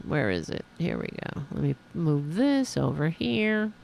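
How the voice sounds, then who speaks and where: A woman's voice: low-pitched, sing-song, measured pace, creaky, a little mellow, a little hiss or hum. A middle-aged woman hosting a political commentary podcast, ranting angrily and swearing a lot. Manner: angry, profane ranting. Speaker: podcast host.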